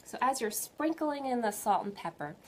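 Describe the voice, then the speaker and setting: A woman spiritual teacher giving a live online talk, gentle and encouraging, often putting questions to her viewers. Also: fairly high pitch, expressive, moderate pace, slight background noise.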